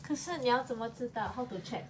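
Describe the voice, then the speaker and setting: A woman's voice: on the high side, expressive, fast, husky. A woman co-hosting a live sale, chatting casually and laughing often. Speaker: live-stream co-host.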